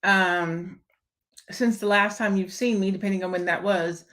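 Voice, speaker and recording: A young adult woman hosts a casual live stream and promotes an event, talking to viewers candidly and emphatically and greeting them by name. Her mid-range voice is steady, a little slow, and fairly bright.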